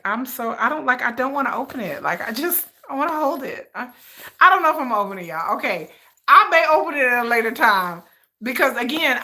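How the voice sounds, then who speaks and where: Excitable woman hosting a livestream, fairly high voice, chatty and repetitive with her viewers. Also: gravelly. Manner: excitable, talks to viewers as y'all, repeats herself. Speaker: livestream reaction host. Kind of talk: casual unboxing livestream.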